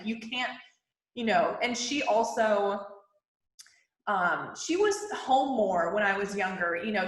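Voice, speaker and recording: A woman's voice: mid-range voice, roomy sound. A woman talking casually as a podcast guest, chatty and full of fillers like "like" and "you know". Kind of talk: casual interview talk.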